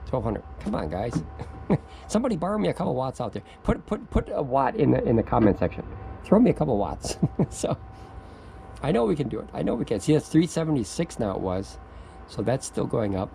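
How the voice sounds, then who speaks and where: A man's voice: medium pitch, very animated, fairly quick, vocal fry, warm tone, slight background noise, poor audio. A man making an off-the-cuff product review video outdoors, rambling and stammering, getting giddy and laughing as he talks.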